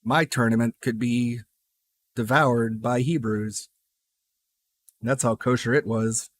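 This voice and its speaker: A man's voice: mid-range voice, steady tone, slow pace. A man streaming live and reacting to a video with joking, teasing asides.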